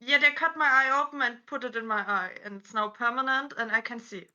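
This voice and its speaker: A woman's voice: fairly high pitch, fairly quick, bright, forceful tone, muffled recording. A woman cosplayer with a non-native English accent, chatting on a convention panel and telling stories with lots of "like" fillers. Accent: non-native English speaker. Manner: chatty, storytelling, many "like" fillers. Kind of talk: casual chat.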